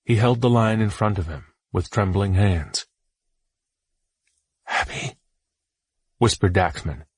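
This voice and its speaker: A man narrating an audiobook in a measured, solemn storytelling voice. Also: low-pitched, dry recording.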